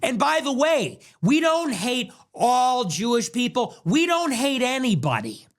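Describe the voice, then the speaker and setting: High, animated man ranting combatively. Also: measured pace. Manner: combative, sarcastic, fires rhetorical questions. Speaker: political show host. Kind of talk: heated political commentary.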